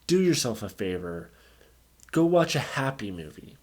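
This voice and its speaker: A man's voice: fairly low pitch, very animated, normal speed. A man ranting angrily through a movie review, swearing often and sounding exasperated. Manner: angry, profane, exasperated ranting.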